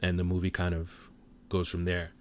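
A man casually retelling a movie plot in an animated way, with offhand swearing. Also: low voice, normal speed, slight background noise. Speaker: film recap commentator.

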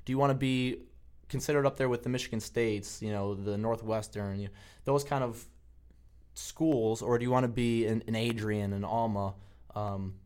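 A man's voice: on the low side, steady tone, moderate pace, darkish tone, smooth. A young man co-hosting a campus podcast, telling stories casually with frequent restarts. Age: young adult. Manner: rambling storyteller with many restarts. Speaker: podcast co-host. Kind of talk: casual conversation.

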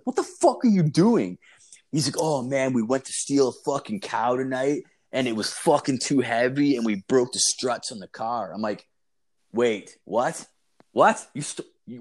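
Swearing, rambling young man telling stories. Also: mid-range voice. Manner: profane, rambling, laughs through his stories. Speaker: podcast co-host. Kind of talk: casual storytelling chat.

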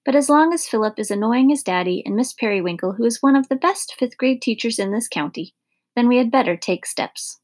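A woman voicing a calm, reassuring older woman who speaks matter-of-factly. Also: a little high, brisk. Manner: matter-of-fact.

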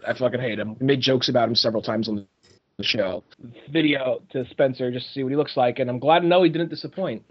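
A man's voice: mid-range voice, fast, highs cut off. A man co-hosting a podcast, rambling with many fillers and crude jokes. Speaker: podcast co-host. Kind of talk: casual podcast banter.

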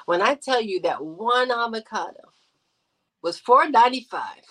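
A woman talking as a podcast guest, her voice bright and forceful and sitting a little high. She argues her point in an animated, emphatic way, breaking into loud outbursts now and then. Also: normal speed, rough recording. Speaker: podcast guest, radio show host. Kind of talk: casual debate chat.

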